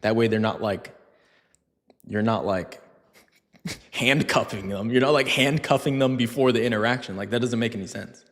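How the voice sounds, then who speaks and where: A fairly bright mid-range voice, moderate in pace with long pauses, echoes through a large hall. The speaker, a dog trainer, handles a casual live Q&A stream chattily, leaning on fillers and doing funny voices to act out scenes.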